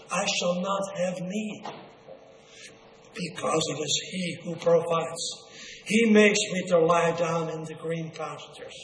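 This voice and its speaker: An older man, preaching a slow, earnest sermon. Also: high voice, fairly bright tone, a little hiss or hum. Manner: slow, earnest, drawn-out delivery with quoted asides. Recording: echoey hall, faint ambience.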